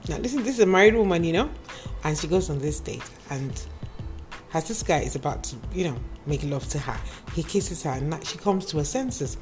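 A woman tells a cautionary story in a lively, lecturing way and speaks straight to her listeners. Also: sits low, a little fast, music in the background. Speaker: advice speaker. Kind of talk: moralizing storytelling monologue.

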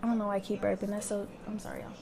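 A woman's voice: mid-range voice, level tone, racing, darkish tone. A young woman hosting her own podcast, talking candidly in a casual monologue and swearing freely. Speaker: podcast host.

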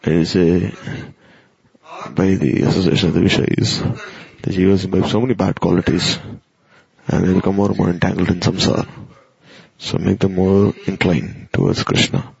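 A man giving an earnest, admonishing devotional sermon, with pauses and fillers. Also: deep voice, vocal fry, darkish tone. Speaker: spiritual teacher. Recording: dull lo-fi recording.

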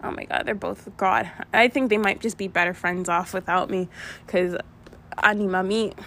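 A woman's voice: mid-range voice, steady tone, moderate pace, vocal fry, fairly bright tone, slight background noise. A young woman vlogger telling a rambling storytime to her viewers, with many asides and restarts. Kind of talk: casual storytime chat.

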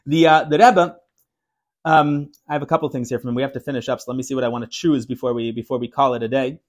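Fast-talking man teaching a Torah class. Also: medium pitch. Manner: quick, animated storytelling with many restarts. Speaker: teacher of Chassidus.

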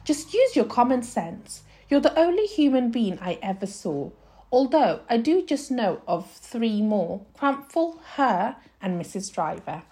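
Woman reading a stubborn girl borrower, indignant, bright lively pitch. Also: unhurried. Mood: impatient. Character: small earnest girl borrower, proud and stubborn.

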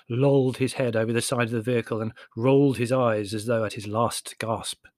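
A man narrating an audiobook with measured, expressive storytelling. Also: mid-range voice, no echo, clean studio sound. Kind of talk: scripted narration.

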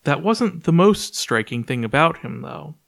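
A man reading his own story aloud as a podcast narrator in a clear, even storytelling manner. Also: on the high side, a little slow. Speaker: author and podcast reader. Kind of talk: audiobook narration.

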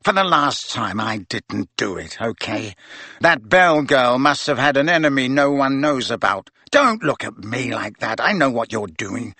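Man doing a sulky sneering teen boy, defiant n resentful, bright kinda husky voice. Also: medium pitch, animated, a little slow, no room sound, full character voice. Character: sullen, defiant teenage boy. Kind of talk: audiobook character voice.

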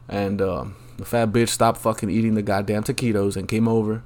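A man's voice: fairly low pitch, flat delivery, brisk, a little mellow. A man hosting a solo podcast, rambling through a profane, crude rant with lots of ums and asides. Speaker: podcast host.

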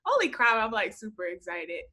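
A young woman in casual conversation, animated and quick to laugh, acting out little quoted scenes as she talks. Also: medium pitch. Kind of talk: casual chat.

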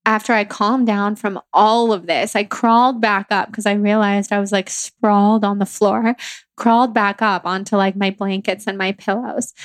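A woman's voice: medium pitch, fairly even intonation, normal speed, no echo, studio quality. A young woman hosting a podcast solo, telling a personal story in a casual, heartfelt way with many fillers. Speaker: podcast host.

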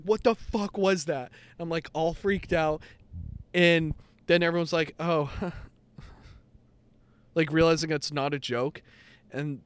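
A man's voice: on the high side, clear, resonant tone. Rambling young man telling a story. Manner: rambling storytelling, heavy swearing and fillers. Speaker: podcast co-host. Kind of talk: casual chat.

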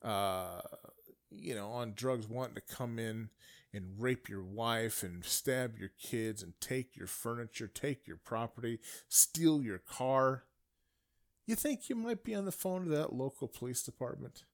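Man, angry political monologue, indignant, loud peaks then quiet asides, mid-pitched voice. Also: a little slow. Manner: indignant, swings from shouting to muttering. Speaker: political commentator. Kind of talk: ranting monologue.

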